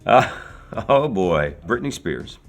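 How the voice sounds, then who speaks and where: A man's voice: lowish voice, big pitch swings, slow pace, soft background music. A man in his sixties from Philadelphia, an actor telling casual, rambling anecdotes with many fillers and laughs. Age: 60s. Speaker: actor guest.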